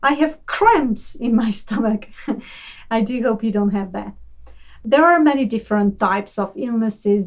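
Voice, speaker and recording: A young woman teaching English to learners, speaking slowly and clearly and stressing each example phrase. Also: medium pitch. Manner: slow, clear, emphatic delivery of example phrases.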